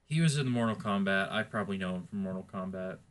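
A man's voice: deep voice, fast talker, a bit bright. A man co-hosting a podcast in casual chat, rambling and laughing easily. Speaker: podcast co-host.

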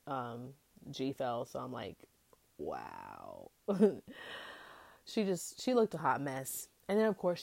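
A woman's voice: low-pitched, no room sound. Chatty young woman recapping a show. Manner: chatty, animated, acts out quotes from the show. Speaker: podcast host. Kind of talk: casual recap chat.

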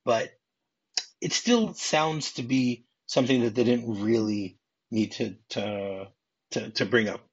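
A man's voice: mid-range voice, slow, slightly rough. A man from Michigan hosting a movie podcast, retelling scenes casually and reading script lines aloud. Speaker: podcast host. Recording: dull muffled audio.

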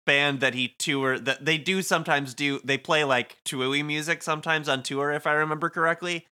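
A man's voice: fairly high pitch, steady tone, moderate pace, pushed and bright, clean tone. A man co-hosting a casual chat, talking loosely and laughing often as he reads lines aloud. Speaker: podcast co-host. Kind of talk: casual chat, reading game dialogue aloud.

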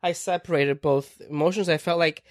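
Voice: mid-range voice, steady tone, brisk, no room sound, clean studio sound. Jokey podcast co-host, cracked voice. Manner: jokey, swears casually. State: cracked voice from crying. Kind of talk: casual chat.

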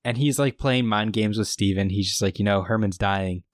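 Retelling scenes and quoting lines from a TV episode, a male podcast co-host laughs frequently during a casual recap. His pitch is fairly low and his pace moderate, captured in studio quality with no echo.

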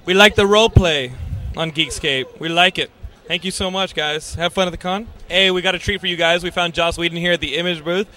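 A male host trading playful jokes with fans on a busy convention floor. His voice sits a touch on the high side, and he keeps the banter loose and teasing. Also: fairly even intonation, fairly quick, bright, forceful tone. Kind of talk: casual joking interviews on a convention floor.

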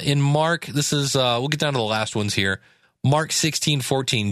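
A man's voice: medium pitch, fairly bright tone, no room sound, studio quality. A man giving a casual Bible study talk, reading scripture aloud and breaking off into plain asides with fillers. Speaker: Bible teacher.

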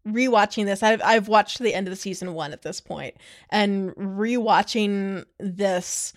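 Woman, podcast co-host, casual chat, fast analytical talk, mid pitch.

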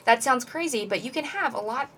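A woman's voice: sits high, a little fast, distant mic, a little hiss or hum. Chatty young woman a little off-mic. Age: young adult. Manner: animated, rambling, many "like" and "basically". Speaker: podcast co-host. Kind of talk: casual chat, storytelling.

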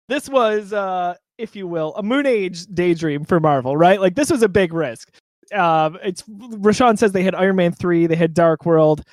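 A man's voice: high-pitched, a little mellow, dry recording. A man co-hosting a movie podcast, chatting casually and laughing through his stories. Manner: chatty, apologetic, laughs while telling a story. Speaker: podcast co-host. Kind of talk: casual chat.

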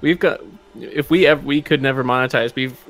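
A man with a middle-pitched voice, easygoing and joking as he co-hosts a podcast. Faint music hums underneath him. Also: fairly even intonation, moderate pace, a bit bright, poor audio. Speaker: podcast co-host. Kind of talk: casual podcast chat.

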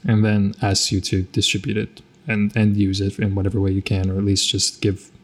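A man narrating a tabletop role-playing game as game master, halting and repeating words often. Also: lowish voice, monotone.

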